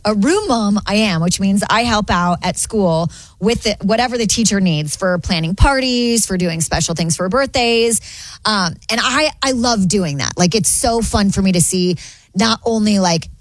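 A woman's voice: mid-range voice, moderate pace, dry recording. A woman in her thirties, a radio show co-host, telling a story in casual chat and acting out quoted voices. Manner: animated storyteller, acts out quoted voices, laughs often.

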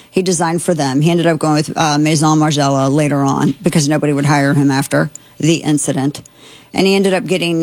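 A woman's voice: on the low side, darkish tone, dry recording. A woman hosting a show, talking through the news in a chatty, digressive way with frequent restarts. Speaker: show host. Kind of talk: casual news commentary.

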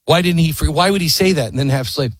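Man, husky voice, animated pitch, impassioned history storytelling, rhetorical questions, dry recording. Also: quick pace, no room sound. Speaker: history commentator.

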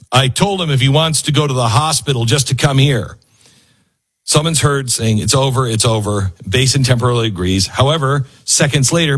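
A man delivers opinionated commentary on the news in a husky, slightly breathy voice. His tone is sarcastic, and he slips in and out of the voices of the people he talks about. His pitch sits in the middle range for a man. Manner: sarcastic, acts out quoted people.

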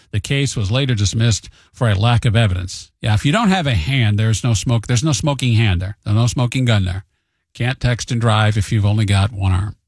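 A man riffs through a casual monologue, spinning everyday stories and jumping into higher, animated voices whenever he quotes someone. His voice sits at an ordinary middle pitch. The recording is dry and close, with no room sound. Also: dry recording. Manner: chatty storyteller, acts out quotes with a raised voice; admits he tends to be hot-headed.

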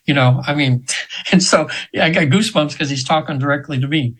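Man in his seventies, husky, slightly high voice, rambling, earnest radio guest. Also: fairly quick, fairly bright tone, rough recording. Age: 70s. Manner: rambling, earnest, with frequent fillers and restarts. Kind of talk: spiritual storytelling on a radio interview.

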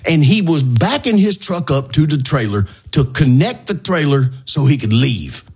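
A middle-aged man with a slightly husky voice, pitched a little high for a man, spins a casual story on a radio show. He talks in an animated way and breaks into yelping impressions of the people in his tale. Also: moderate pace. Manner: animated storyteller, mimics shouting neighbors in high yelps.

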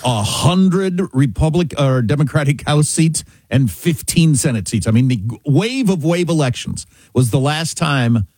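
A middle-aged man from Kansas, a talk-show host, telling a chatty, animated story in a casual way. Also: medium pitch, husky, no echo. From Kansas, USA.

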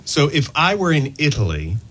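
An American man co-hosts a radio show, chatting playfully with a guest. His husky voice is very lively, moving up and down freely as he talks. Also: on the high side, moderate pace. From United States. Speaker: radio co-host. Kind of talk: casual radio chat.

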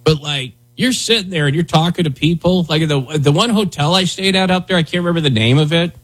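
Talking fast in a fairly high voice, this male radio host rambles through loose, casual banter. "Dude" and "man" come up constantly.

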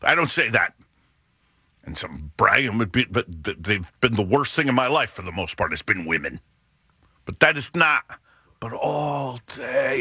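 A man's voice: medium pitch, sing-song, moderate pace, pushed and bright, breathy edge, dry recording. A middle-aged man hosting a podcast, telling a rambling, self-deprecating story with many restarts. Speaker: podcast host. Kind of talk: casual monologue.

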